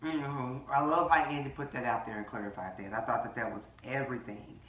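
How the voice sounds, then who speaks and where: A man's voice: medium pitch, steady tone, quick pace, fairly bright tone, recorded from a distance, muffled recording. Brash sassy man in an echoey room. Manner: brash, profane, sassy, reading people. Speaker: commentary host. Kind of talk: casual reality-TV recap.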